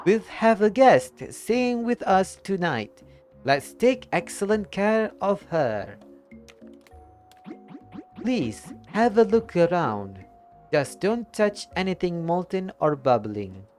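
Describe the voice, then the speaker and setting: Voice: mid-range voice, sing-song, extremely slow, few pauses, soft background music, pitched above the performer's own voice. A streamer reading game dialogue aloud in character, voicing a welcoming, formal lodge keeper with a put-on accent. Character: cheery lodge keeper hosting a guest by a volcano.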